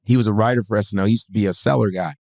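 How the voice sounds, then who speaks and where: Talking very fast with vocal fry in a low voice, this comedian guest animatedly recounts a story in relaxed conversation. He voices other people's quotes in changing tones and curses freely; the recording is dry.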